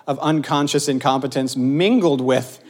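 A man's voice: mid-range voice, moderate pace. A middle-aged man preaching a casual, joking sermon, telling self-mocking stories to his audience. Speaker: pastor.

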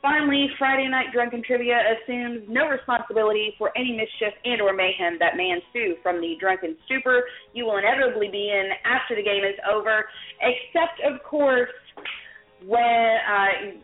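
Soft music plays as a woman with a slightly high voice, speaking at normal speed, runs a drinking trivia game as host and quizmaster. She's folksy and loose, saying "um" and "uh" a lot, and the audio is tinny and lo-fi in an echoey space.

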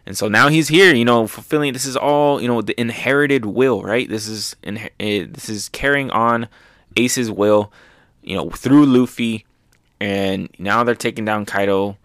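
A young man casually recapping manga chapters, excited and loose, with lots of fillers. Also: lowish voice, measured pace, dry recording, clean studio sound. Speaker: manga reviewer.

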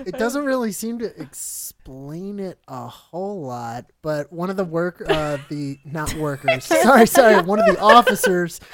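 Low-voiced woman reading news, joking. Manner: reads news stories aloud with joking asides. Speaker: podcast co-host. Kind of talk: casual chat.

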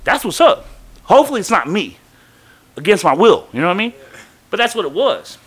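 Speaking high and brisk with a breathy edge, a man spins a casual podcast story. He's animated and profane, swearing freely while voicing the lines of the people he quotes.

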